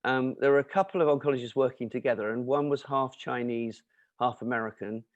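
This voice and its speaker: A man answering questions in an explanatory talk, lecturing in an animated way with emphatic asides and fillers. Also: mid-range voice, fairly quick, dry recording, lo-fi sound. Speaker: nutrition and cancer speaker answering questions.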